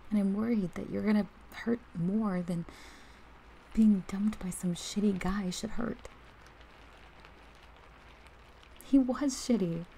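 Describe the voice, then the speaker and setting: A fiercely loyal young woman best friend, as a woman acts her out in a whispered role-play, her voice low and mellow with a gravelly fry. She talks straight to the listener, heated one moment and tender the next, over a faint hiss. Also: unhurried, poor audio. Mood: indignant. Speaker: ASMR role-play performer.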